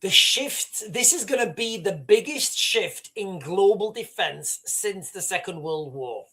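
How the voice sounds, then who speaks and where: Fast-talking northern English man, lively pitch. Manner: fast, rambling, many restarts. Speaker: livestream host. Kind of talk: casual political commentary.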